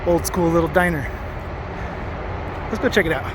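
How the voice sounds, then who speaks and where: This man, a trucking vlogger, has a fairly high pitch and a normal pace as he walks a small mountain town talking to camera. The vlog chat is casual, joking and meandering, heavy on fillers.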